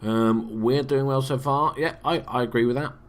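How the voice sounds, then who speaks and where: A man's voice: medium pitch, steady tone, moderate pace. A young man from England giving casual, sweary, jokey let's-play commentary as a gaming YouTuber.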